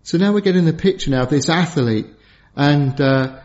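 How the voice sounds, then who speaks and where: Male preacher, high voice, earnest, leans on key words; dull lo-fi recording. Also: a little mellow. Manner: earnest, slows down for emphasis. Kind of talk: sermon. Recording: dull lo-fi sound.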